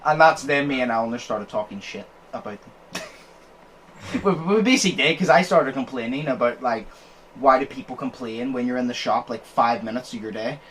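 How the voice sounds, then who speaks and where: A young man chats casually on his podcast, spinning an everyday story. He swears freely and keeps laughing between lines. His voice sits at an ordinary middle pitch, with faint noise behind him. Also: normal speed, fairly bright tone. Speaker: podcast host. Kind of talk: casual chat.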